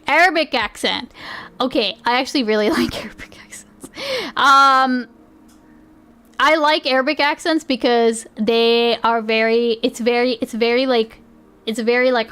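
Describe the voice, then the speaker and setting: A woman's voice: a little high, a bit bright. A woman streamer reacting live to videos, giggly and rambling, with lots of fillers.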